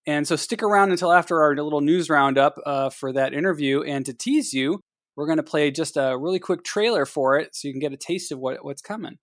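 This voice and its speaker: A man's voice: on the high side, fairly quick, dry recording, clean studio sound. A man from Ohio co-hosting a podcast, chatting casually with lots of fillers and restarts. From Ohio, USA. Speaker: podcast co-host. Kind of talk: casual chat.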